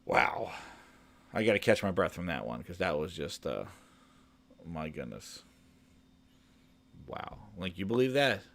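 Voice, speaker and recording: A man hosting a casual gaming podcast, talking with mock-dramatic, sarcastic hype, stammering and trailing off quietly. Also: low-pitched, sing-song, measured pace, vocal fry, pauses often. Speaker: podcast host.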